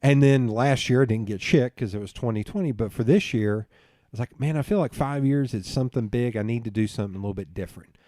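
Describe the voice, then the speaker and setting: A podcast guest tells a long, foul-mouthed story in casual conversation, laughing here and there. He talks fast in a medium pitch with a dark tone, captured in clean studio sound without echo.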